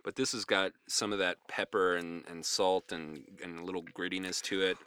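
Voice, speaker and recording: A man's voice: low-pitched, steady tone, moderate pace, bright, forceful tone, smooth, no room sound. A man co-hosting a podcast in casual chat, rambling in a conversational way with fillers. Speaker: podcast co-host.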